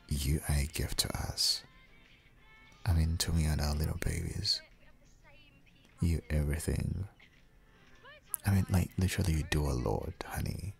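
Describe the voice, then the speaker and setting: A man in a whispered role-play as a husband, talking in a soft, comforting and reassuring way. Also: extremely low pitch, creaky.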